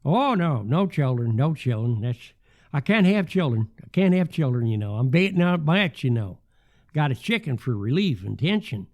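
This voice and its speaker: An older man voicing a rambling male drifter who keeps a pet chicken, talking fast and scattered in a folksy way. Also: medium pitch, very animated, a little mellow.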